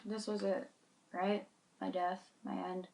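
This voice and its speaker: A woman reading her own short story aloud, earnestly and a little haltingly, with small slips, recorded on a phone. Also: mid-range voice, little pitch movement, vocal fry, a little mellow, slight background noise. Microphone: phone mic.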